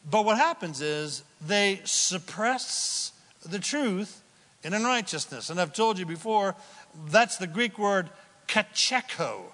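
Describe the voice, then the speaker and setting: A man preaching a sermon as pastor, swinging between loud exclamations and hushed asides. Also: high-pitched. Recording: long hall reverb.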